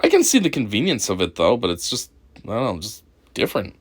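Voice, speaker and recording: A man talks over a video he is reacting to, mocking it in crude terms. His pitch swings all over the place, from low grumbles to sudden high yelps. He keeps breaking into laughter as he goes. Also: wildly swooping pitch, fast talker, breathy edge. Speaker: commentary host. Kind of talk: reaction commentary.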